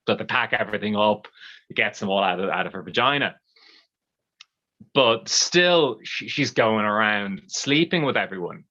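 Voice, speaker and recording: An Irish storyteller spinning a bawdy comic tale in a loose, chatty way. The voice is bright and forward, and the livestream audio is a little dull. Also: mid-range voice, normal speed. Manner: bawdy, lively and conversational.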